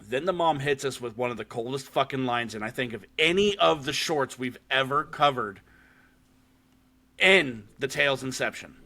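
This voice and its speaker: A man's voice: medium pitch, expressive, moderate pace, vocal fry, bright, forceful tone. A man hosting a podcast, casually recapping a horror short film, swearing freely and using lots of fillers. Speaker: podcast host. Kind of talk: casual chat.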